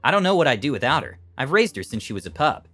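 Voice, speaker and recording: A man voicing a gentle, grateful young man with a service dog. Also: mid-range voice, sing-song, fast, faint music behind.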